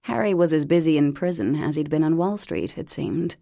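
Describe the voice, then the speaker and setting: A woman reading an audiobook in a wry, deadpan narrating manner. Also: low voice, a little fast, gravelly, no room sound, clean studio sound.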